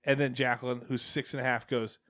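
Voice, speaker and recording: A man's voice: medium pitch, flat delivery, brisk, a bit bright, a little hiss or hum. A man in his forties hosting a podcast, telling family stories in a rambling, casual way with many restarts. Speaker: podcast host. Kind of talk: casual chat. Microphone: headset.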